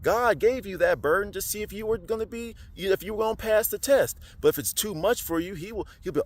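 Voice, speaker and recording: A man giving a casual, slangy spiritual monologue into his phone, animated and preachy. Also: sits high, brisk, few pauses. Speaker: spiritual vlogger.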